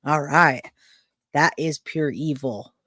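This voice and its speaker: A woman hosting a casual livestream chat, blunt and animated, with loud outbursts of disgust and warm thanks to her viewers. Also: low voice, slow, dry recording, studio quality. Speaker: livestream host.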